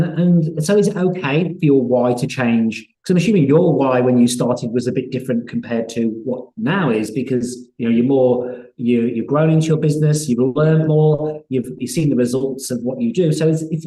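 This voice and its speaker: Mellow-voiced male host in a roomy space. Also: mid-range voice. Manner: halting, many restarts and fillers. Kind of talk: live online interview. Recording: roomy echo.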